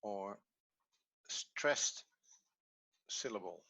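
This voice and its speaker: A man speaks slowly and quietly while he works the screen, muttering to himself. His voice is bright in tone, and it sounds distant from the mic. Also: lowish voice, animated, slightly rough. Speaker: teacher. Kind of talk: narrating screen actions.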